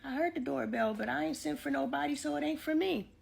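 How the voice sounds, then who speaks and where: Woman vlogger, casual talk to camera, animated and blunt, slightly high voice. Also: fast, gravelly, a crowd in the background. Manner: animated, outspoken, swears freely; talks straight to viewers, says "y'all". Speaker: family advocate content creator.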